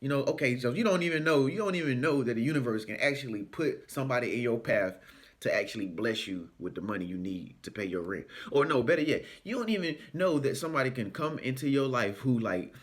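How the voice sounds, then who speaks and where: Animated man preaching positive vibes. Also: medium pitch, quick pace. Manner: animated, preachy, sing-song. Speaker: spiritual self-help vlogger. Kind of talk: motivational vlog talk.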